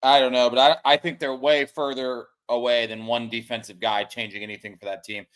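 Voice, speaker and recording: A man's voice: mid-range voice, little pitch movement, fairly quick, smooth. Frustrated man ranting about football. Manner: frustrated ranting, trails off quietly. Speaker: co-host of a sports betting stream. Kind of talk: casual profane sports chat.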